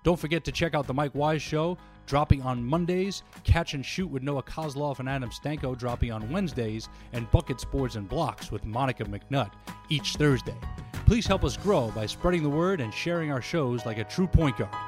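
A man's voice: medium pitch, music in the background. A man hosting a sports podcast. He talks casually with his guest and reads the show promos. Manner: conversational, reads promos briskly. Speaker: podcast host. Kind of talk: podcast chat and outro.

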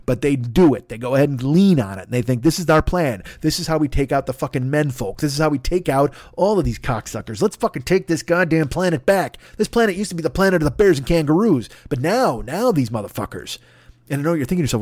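A man's voice: fairly high pitch, lively intonation, fast talker, darkish tone, no room sound, clean studio sound. A man hosting a comedy podcast, riffing through a profane, rambling monologue and sliding into silly voices. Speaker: podcast host.

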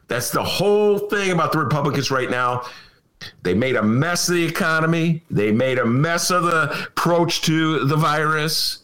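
A man's voice: on the high side, moderate pace, fairly bright tone. A man in his sixties hosting a political comedy talk show, sarcastic and mocking, long rooted in Chicago. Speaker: podcast host.

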